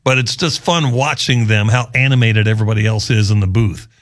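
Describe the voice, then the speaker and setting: A man's voice: on the low side, fairly even intonation, fairly quick. A male local radio host, chatting casually with rambling asides.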